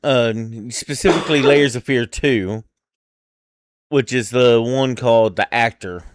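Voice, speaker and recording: A man's voice: medium pitch, a little slow, no echo, clean studio sound. A man co-hosting a podcast in casual chat, hesitant and full of restarts. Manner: hesitant, many restarts and fillers. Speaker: podcast co-host.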